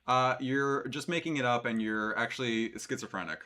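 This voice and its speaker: A man's voice: medium pitch, moderate pace, pushed and bright. A man streaming live, reacting to a clip with sarcastic, rambling commentary full of fillers.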